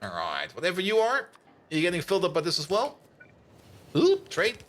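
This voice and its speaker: A man's voice: high voice, wildly swooping pitch, moderate pace, a bit bright. A young man, a native German speaker with a German accent, chatting casually with his viewers while playing a game on a live stream. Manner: chatty, answers chat, hums and laughs while playing.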